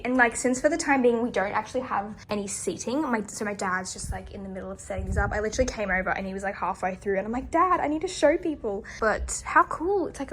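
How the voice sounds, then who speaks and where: A young Australian woman with a fairly high voice chats casually and bubbly through a house-tour vlog, saying "like" constantly. She walks room to room in an empty house, and the bare rooms sound echoey over slight background noise.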